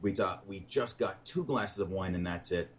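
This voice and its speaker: A comedian guest in a casual interview tells dating stories, animatedly acting out what people said in dialogue. His voice is low at a moderate pace, with slight background noise.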